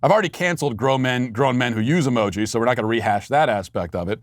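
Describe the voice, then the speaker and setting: A male podcast host talks through his commentary in a sarcastic, mocking tone, often restarting his sentences. His voice sits at a middling pitch. The studio sound is dry, with no room echo. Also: fast. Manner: frequent fillers and restarts. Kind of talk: political commentary monologue.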